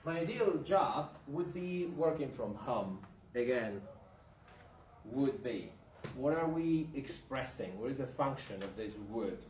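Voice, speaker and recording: A man's voice: mid-range voice, lively intonation, unhurried, a little hiss or hum. A male teacher giving a classroom grammar lesson, repeating example sentences and checking in with students with a frequent "yeah?". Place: classroom with a whiteboard. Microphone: far from the speaker. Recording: echoey, distant, dull lo-fi room recording.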